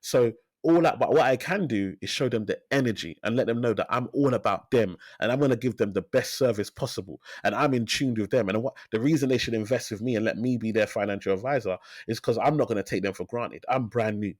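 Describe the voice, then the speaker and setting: A man in his thirties talks as a guest on an interview podcast. He tells his story with energy and drives points home by repeating phrases. His voice sits at a middle pitch, recorded close and dry. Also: quick pace, few pauses, no room sound. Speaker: financial advisor, podcast guest. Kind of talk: casual interview talk.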